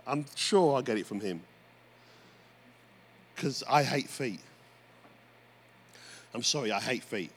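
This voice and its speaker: A man preaching a sermon as pastor, telling stories with lively energy and calling out to the congregation. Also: mid-range voice, slow, long pauses. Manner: animated storytelling preacher, often addressing "folks". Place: church. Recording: faint background noise.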